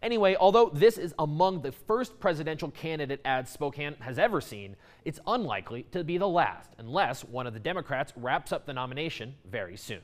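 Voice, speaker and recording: A man delivering a news report, reading a measured, clear explainer. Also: a little high, animated.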